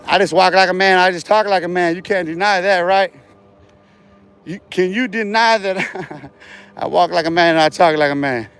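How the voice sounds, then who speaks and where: A man's voice: high-pitched, normal speed, fairly bright tone, clear, resonant tone, faint music behind. A man talking on a livestream in a rambling, profane, boastful way, laughing between remarks and often trailing off and restarting. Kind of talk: rambling casual livestream talk.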